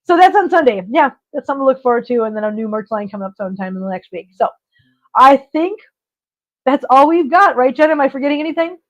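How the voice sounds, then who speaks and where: This middle-aged woman talks fast in a high-pitched, animated voice. She hosts a casual livestream, chattily telling stories and laughing often, and the stream audio sounds dull and lo-fi.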